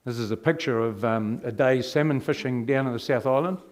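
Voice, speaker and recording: A middle-aged man tells his own life story as a testimony. He speaks in an animated way and often turns to the audience with rhetorical questions. His voice sits at an ordinary male pitch. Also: a little fast. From New Zealand.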